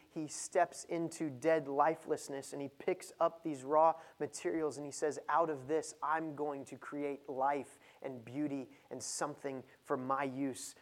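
Man preaching, swelling to loud emphasis. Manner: builds from low and measured to loud and emphatic. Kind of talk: sermon.

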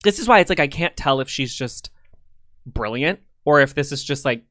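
A man co-hosting a podcast in casual chat, talking in an animated, profane, gushing way. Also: mid-range voice, normal speed, dry recording, studio quality. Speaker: podcast co-host.

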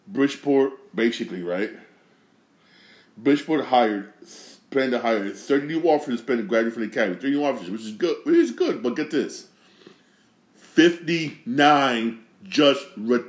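A man talks through his own podcast in a loose, rambling solo monologue. He circles back on the same phrases again and again and swears freely. His voice sits at an ordinary middle pitch and carries a roomy echo. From Connecticut. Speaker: podcast host.

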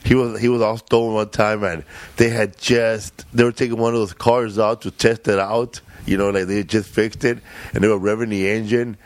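A man hosting a podcast in relaxed, casual chat, asking short questions. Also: on the low side, normal speed, no room sound.

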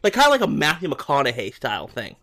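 A man co-hosting a casual movie podcast. His voice sits in an ordinary middle pitch. He rambles and restarts, and keeps slipping into excited bursts. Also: fast. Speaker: podcast co-host. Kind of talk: casual movie-review chat.

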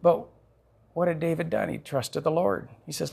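A male pastor preaching a sermon, telling the story in an animated way with chuckles. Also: fairly high pitch, normal speed, vocal fry, slightly rough.

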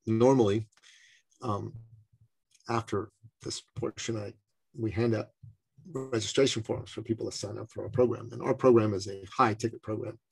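A middle-aged man from Canada telling a personal story in conversation, animated and acting out the voices of others. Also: on the low side, vocal fry, husky. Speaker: speaker and business coach.

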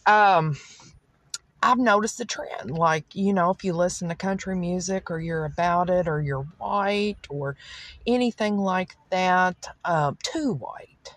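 A woman's voice: fairly low pitch, measured pace, no echo. A woman from the American South with a Southern accent, talking through her opinions in a rambling solo podcast monologue full of fillers. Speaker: podcast host.

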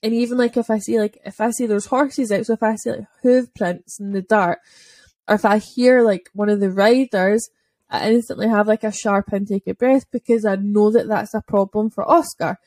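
A woman's voice: medium pitch, steady tone, normal speed, a little mellow, no room sound. A woman telling a dog-walking story in a casual podcast chat, chatty and full of "like" fillers. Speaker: dog owner and podcast speaker.

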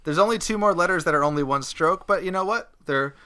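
Bright-voiced rambling man on a podcast. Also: high-pitched, fast talker, clean tone. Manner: rambling and self-mocking, laughs often. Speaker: podcast co-host. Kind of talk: casual podcast chat.

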